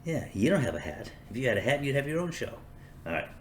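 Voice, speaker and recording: A man's voice: medium pitch, sing-song, fast, slight background noise. An older man hosting a podcast, talking in a sarcastic, rambling, self-mocking way in a casual comedic monologue. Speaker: podcast host.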